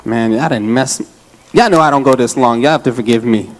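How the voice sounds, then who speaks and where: A man, an associate pastor, preaching a lively sermon to his congregation, casual and joking, out of breath as he talks. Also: medium pitch, brisk. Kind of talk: lively Father's Day sermon. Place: church sanctuary.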